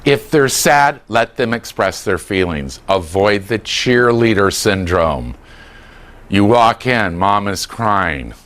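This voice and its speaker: Male dementia care trainer, lively swooping delivery, acts out dialogue for a live room. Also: lowish voice, slow. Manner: animated, acts out quoted dialogue.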